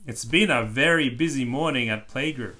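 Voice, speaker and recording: A man reading a children's book aloud with expressive, animated storytelling. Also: medium pitch, normal speed. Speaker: storybook reader.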